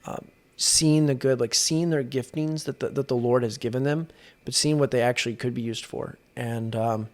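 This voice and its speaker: This young man is an exorcist appearing as a podcast guest, his medium-pitched voice fairly even, a little mellow, and moderately paced. His casual storytelling is earnest and full of restarts.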